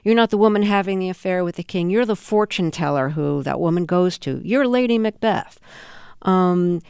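A woman hosting an interview, curious and quick to laugh. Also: on the low side, expressive, creaky, darkish tone, clear, resonant tone, no echo, studio quality. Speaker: radio interviewer. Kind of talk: casual interview.

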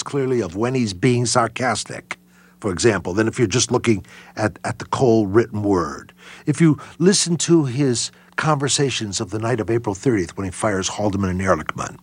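Man, historian guest, husky, halting, many fillers, lively pitch. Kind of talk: interview answers.

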